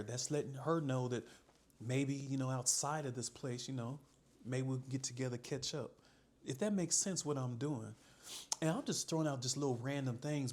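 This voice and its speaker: A man's voice: mid-range voice, darkish tone. A man giving casual dating advice as a coach, laid-back and calling the listener bro.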